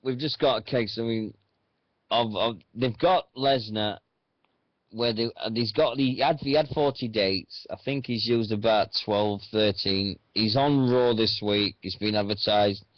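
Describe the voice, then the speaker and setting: A man's voice: fairly low pitch, unhurried, no echo. A man hosting a radio show, chatting casually about wrestling in a rambling, hesitant way. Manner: rambling, hesitant with many fillers. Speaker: radio host. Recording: dull dry sound.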